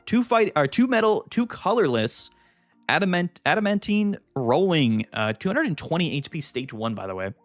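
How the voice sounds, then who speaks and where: A man hosting a live card-game stream, chatting casually and getting excited, thinking aloud with lots of fillers. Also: fairly high pitch, moderate pace, no room sound, soft background music. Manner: excitable, thinks aloud, frequent fillers, jumps between topics.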